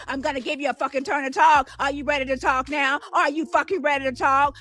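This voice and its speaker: A woman's voice: sits high, a little fast, hardly any pauses, fairly bright tone. A woman hosting a livestream, ranting in a profane, taunting and mocking way at someone she calls out. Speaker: livestream host. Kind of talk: combative livestream rant. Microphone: phone.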